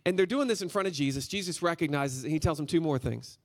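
Casting: male preacher, light high voice, lively and slangy, close dry sound. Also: a little fast, hardly any pauses, no room sound. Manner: casual, energetic, slangy storytelling. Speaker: guest preacher. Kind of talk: conversational sermon.

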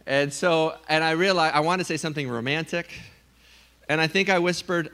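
A man preaching a sermon, telling a funny story with lively, animated delivery and acted-out voices. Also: fairly high pitch, normal speed, clear, resonant tone. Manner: animated storytelling, acts out his own scared voice. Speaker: pastor.

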